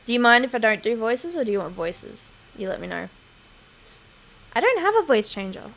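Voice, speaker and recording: A woman's voice: on the high side, big pitch swings, moderate pace, gravelly, fairly bright tone. A woman streamer chatting casually over gameplay, laughing often and swearing freely, on a home desk microphone.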